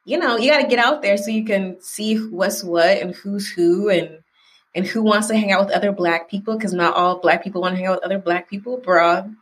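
A woman's voice: medium pitch, a little fast. A woman from the American South with a Southern accent, chatting casually as a podcast guest and acting out the people in her stories. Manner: animated storyteller who acts out quoted people. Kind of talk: casual conversation.

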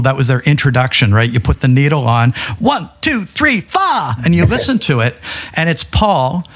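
A man, a music historian guest, explaining recording history in an enthusiastic, knowledgeable way. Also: on the high side. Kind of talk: casual chat.

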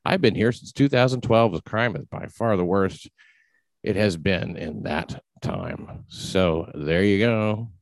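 Low-voiced man chatting, rambling and crude. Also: a little slow, no room sound. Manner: rambling, profane, many restarts. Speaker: podcast host. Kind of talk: casual chat.

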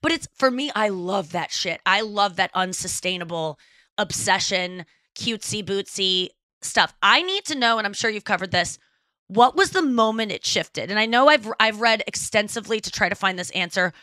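A woman's voice: medium pitch, expressive, normal speed, sharp tone, no echo. A woman who is a comedian, a guest in a casual chat, gushing and laughing often.

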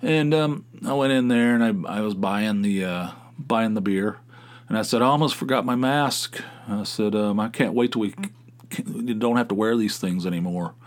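A man's voice: fairly low pitch, moderate pace. A middle-aged man hosting a podcast, talking in a rambling, profane casual monologue with many restarts. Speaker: podcast host.

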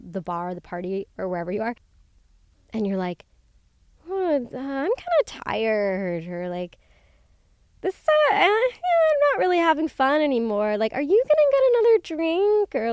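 Chatty young woman, smooth dry voice. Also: darkish tone, no room sound. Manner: candid, chatty, swears freely, lots of filler "like"; acts out quoted friends in high squeals. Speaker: podcast host. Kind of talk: casual solo podcast chat.

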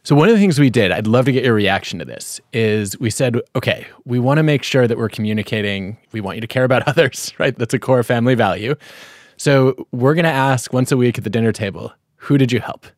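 A man's voice: mid-range voice, a little fast, dry recording, clean studio sound. A man hosting a podcast, telling a family story in a reflective way before asking his guest a question. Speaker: podcast host. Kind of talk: podcast conversation.

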